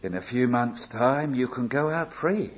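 A man voicing a kind, gentle male master who speaks calmly and asks questions gently. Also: mid-range voice, unhurried, highs cut off, lightly acted. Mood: kindly.

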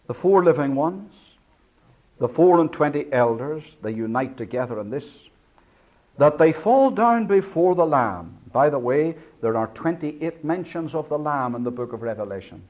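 A man preaching an expository sermon, breaking down words slowly and swinging from booming to hushed. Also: lively intonation.

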